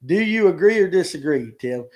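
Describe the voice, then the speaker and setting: A man's voice: high voice, animated, normal speed. A man hosting a casual fishing livestream, joking with viewers and reading comments aloud. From North Georgia, US. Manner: folksy, joking, talks to viewers by name. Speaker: host of a fishing livestream show.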